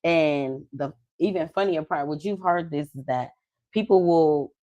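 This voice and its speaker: A woman who is a love coach and podcast host, chatting casually, telling lively stories and acting out the people she quotes, with slangy talk. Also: low voice, measured pace, no room sound. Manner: animated storytelling, acts out quoted people; slangy, conversational.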